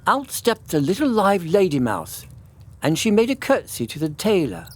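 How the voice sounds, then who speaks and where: Expressive male storyteller. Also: fairly high pitch. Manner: expressive, melodic reading. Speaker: priest reading a story. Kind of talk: storybook narration.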